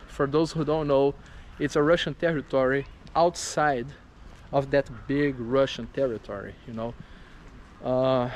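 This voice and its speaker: A young man, a travel vlogger telling a story to camera outdoors in a city, animated and incredulous, laughing as he talks. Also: mid-range voice, slight background noise. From Brazil.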